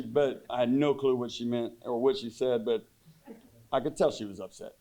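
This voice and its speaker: A man, a high school football head coach, giving a deadpan joking banquet speech full of rambling fillers. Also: moderate pace.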